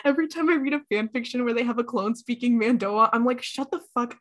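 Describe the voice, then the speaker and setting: A woman co-host with a voice a little higher than most. She chats loosely and with energy, cursing often as she rants to her friends. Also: quick pace. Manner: animated, swears freely. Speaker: podcast co-host. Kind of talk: casual chat.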